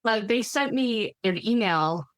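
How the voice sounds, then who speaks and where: A woman co-hosting a podcast in casual chat, breaking in with lively, quick interjections. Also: fairly high pitch, no room sound. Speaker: podcast co-host.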